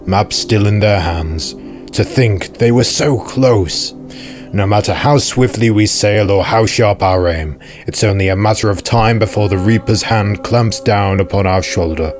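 A man voicing a wise, solemn old male ghost pirate lord in measured, old-fashioned speech. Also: fairly low pitch, a little mellow, lightly acted.

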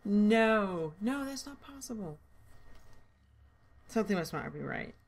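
A woman playing a shooter solo, talking to herself through a headset, swearing freely and yelling at enemies, tired and loopy. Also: mid-range voice, slow pace. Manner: swears often and shouts at enemies, with loud excited outbursts. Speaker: gamer streaming her own play. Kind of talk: casual gameplay commentary.

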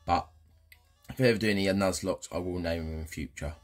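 A man's voice: deep voice, brisk, faint music behind. A man giving cheeky, chatty commentary over a video game playthrough, often addressing viewers. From England. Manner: cheeky, banter-heavy, keeps addressing viewers. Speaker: gaming channel host. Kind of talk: casual let's-play commentary.

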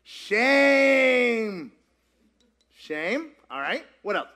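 A man with a high-sitting, animated, slightly bright voice leads a church teaching session at a measured pace. As the pastor guiding the discussion, he is playful and jokey, posing questions to the audience and repeating their answers in this interactive talk.

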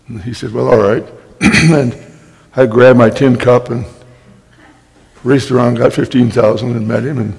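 An older man, a guest speaker, telling wry anecdotes in a storytelling talk and clearing his throat often. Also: medium pitch, a little mellow. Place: library talk hall. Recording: long hall reverb.

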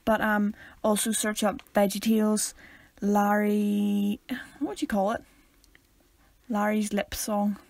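A woman's voice: medium pitch, level tone, slow pace, gravelly, long pauses, darkish tone, dry recording. A young woman co-hosting a podcast, casual and giggly, jumping between topics. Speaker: podcast co-host. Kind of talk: casual chat.

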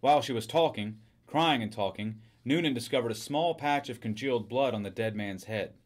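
A man reads a short story aloud, carrying the narration with a steady, even delivery. His voice sits at a middle pitch. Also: brisk. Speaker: reader.

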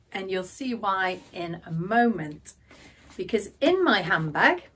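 A middle-aged woman with an English accent, explaining vocabulary to camera as a teacher, speaking slowly and lifting her voice on key words. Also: medium pitch, recorded from a distance, slight background noise. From England. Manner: slow, careful explanations with lively rises on key words.

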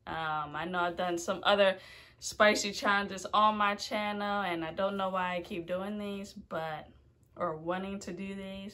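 A woman YouTuber hosting a casual food challenge vlog, talking nervously and exclaiming loudly. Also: fairly low pitch.

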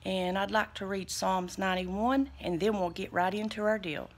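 A woman's voice: mid-range voice, steady tone, normal speed. A woman talking casually to camera as a vlogger, in a homey, chatty and devout way, recorded on a handheld phone camera. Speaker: vlogger sharing store deals.

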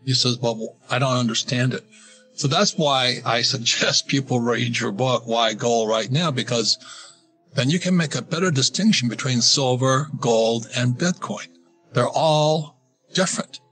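A man's voice: medium pitch, unhurried, fairly bright tone, faint music behind. An older man talking in a casual interview, rambling with restarts while telling anecdotes. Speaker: guest, financial author.

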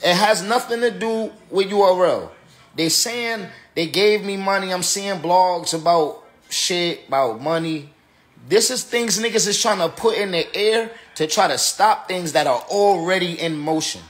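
Tipsy dude ranting on a live stream, high bright voice, keeps repeating himself. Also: male voice, a little slow. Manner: emphatic and repetitive, slangy. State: tipsy from drinking. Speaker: battle rapper. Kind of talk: casual livestream rant.

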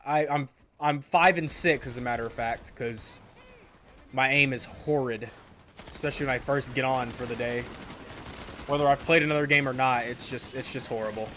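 A man talks over his shooter gameplay in a loose, rambling way, repeating phrases and joking at his own expense. His pitch sits in an ordinary middle range. Faint gunfire from the game runs underneath. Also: fairly even intonation, moderate pace, a bit bright, a little hiss or hum. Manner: rambling, self-mocking, repeats himself. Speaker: gaming channel host. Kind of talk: casual gameplay commentary. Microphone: desk microphone in a squeaky chair.

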